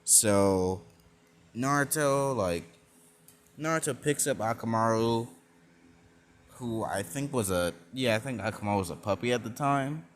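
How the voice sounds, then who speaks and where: A man's voice: mid-range voice, animated, a little slow, long pauses, a little hiss or hum. A young man casually narrating a fan-made story, rambling with many fillers and self-corrections.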